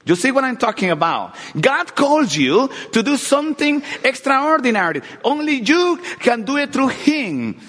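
A middle-aged man preaching an earnest sermon with personal testimony, often repeating words and swinging between loud and hushed. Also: very high-pitched, lively intonation, a little slow, hardly any pauses. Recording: long hall reverb.

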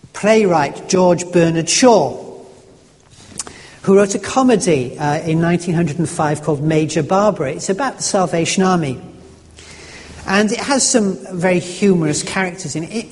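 A man preaching a sermon, telling a story in an earnest, halting way with frequent restarts. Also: high voice, a little mellow. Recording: echoey hall.

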